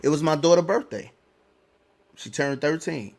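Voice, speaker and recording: Man, middle-aged, podcast co-host, casual slangy storytelling, animated, laughs as he talks. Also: a little high, normal speed, creaky, a little hiss or hum.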